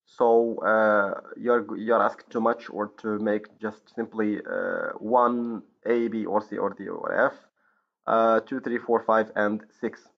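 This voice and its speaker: A man's voice: lowish voice, fairly even intonation, slow pace, vocal fry. Hesitant male teacher from Morocco. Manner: hesitant, many fillers and self-corrections. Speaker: English teacher. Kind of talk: recorded grammar lesson. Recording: dull lo-fi recording.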